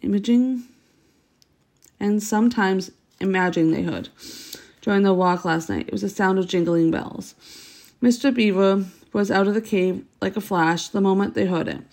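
A woman's voice: medium pitch, fairly even intonation, moderate pace, darkish tone. A woman reading a children's story aloud, unpolished, with stumbles and self-corrections.

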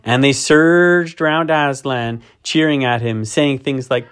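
A man's voice: mid-range voice, takes it slowly, clean tone. Man reading a fantasy tale aloud. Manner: expressive, dramatic storytelling with vivid emphasis. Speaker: narrator. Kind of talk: audiobook narration of a children's fantasy.

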